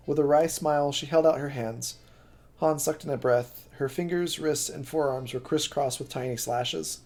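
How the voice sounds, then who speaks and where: A man reading a novel aloud on a live stream, steady but with occasional slips that he corrects. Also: on the high side, moderate pace, faint music behind.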